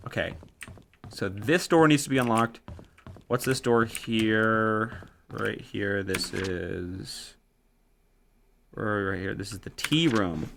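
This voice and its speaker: A man's voice: fairly low pitch, gravelly, a bit bright, a little hiss or hum. A man in his twenties chatting casually while streaming a game, rambling and swearing offhandedly. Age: 20s. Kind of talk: casual live-stream gaming chat.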